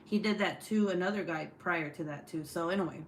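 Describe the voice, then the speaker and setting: A woman's voice: on the low side, fairly quick, slight background noise. Blunt, foul-mouthed young woman host. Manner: blunt, profane, teasing. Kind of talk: casual chat.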